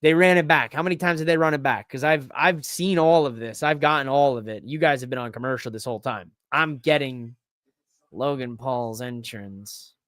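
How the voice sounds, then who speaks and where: A man hosting a podcast alone, talking in an excitable, rambling way that swears freely. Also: mid-range voice, normal speed, dry recording, clean studio sound. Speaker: podcast host. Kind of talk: casual solo wrestling recap.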